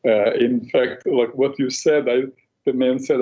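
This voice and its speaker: A man's voice: mid-range voice, steady tone, a little slow, warm tone. A man hosting an interview, responding reflectively and sharing an anecdote of his own. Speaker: interviewer host. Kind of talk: conversational interview. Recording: slightly dull lo-fi audio.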